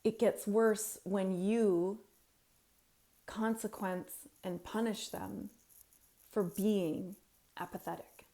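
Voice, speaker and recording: A woman gives heartfelt advice to parents of teenagers. She talks slowly, in an earnest, pleading tone with emphatic pauses, at a middling pitch. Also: fairly even intonation, warm tone. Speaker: parenting coach.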